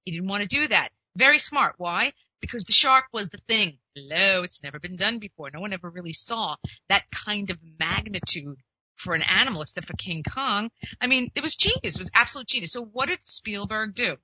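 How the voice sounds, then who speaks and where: A woman hosting an advice show in a chatty, emphatic way, acting out the exchanges she recounts. Her voice is very bright and forward, with a husky, breathy edge. The recording is dry and a little muffled. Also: mid-range voice, expressive, brisk, dry recording. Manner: chatty, emphatic, acts out quoted conversations. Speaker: literary agent and podcast host. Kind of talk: casual advice monologue.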